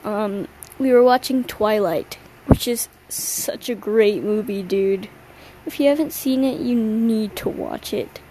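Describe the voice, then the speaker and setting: A woman's voice: medium pitch, takes it slowly, dark tone, slight background noise, low-quality recording. A young woman hosting a solo podcast late at night, tired and yawning, rambling in a slangy, self-mocking way. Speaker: podcast host. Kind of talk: casual solo chat.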